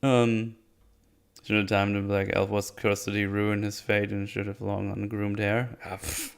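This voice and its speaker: A man's voice: fairly low pitch, little pitch movement, unhurried, vocal fry, clean tone. A man giving casual spoken commentary as a reviewer, sarcastic and rambling, often breaking into laughter. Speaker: video reviewer.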